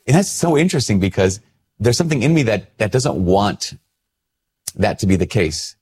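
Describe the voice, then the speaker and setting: A man's voice: fairly low pitch, sing-song, moderate pace, darkish tone, husky. A male priest in a casual, reflective talk to camera, chatty and self-deprecating as he tells a story.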